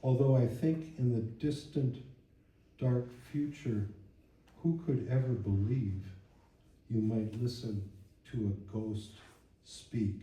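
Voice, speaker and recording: In an echoey church hall, a septuagenarian poet reads his work aloud to the public with a wry, reflective air. His voice is lowish and dark in tone, picked up by a distant mic.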